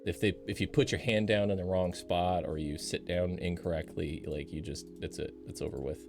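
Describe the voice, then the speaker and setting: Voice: low voice, fairly quick, over music. A co-host chatting casually on a stream, hesitant and restarting often. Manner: hesitant, restarts a lot, animated. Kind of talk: casual chat.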